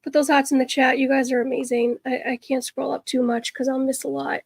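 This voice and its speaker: Woman, livestream host, casual chat with viewers, high voice, earnest, rambling, dry close sound. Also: level tone, brisk, vocal fry, no room sound. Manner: chatty, rambling, earnest, trails off and restarts.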